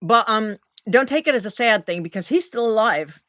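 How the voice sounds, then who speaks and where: A woman's voice: fairly high pitch, moderate pace, no echo. Emotional woman telling a personal story. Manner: emotional, animated, talks to her dogs mid-story. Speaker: vlogger.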